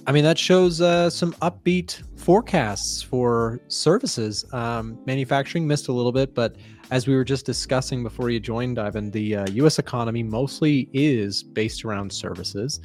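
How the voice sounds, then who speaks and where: A man's voice: medium pitch, normal speed, darkish tone, soft background music. A man hosting live market commentary, explaining economic data and questioning a guest. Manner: conversational, explains and asks questions. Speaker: trading show host.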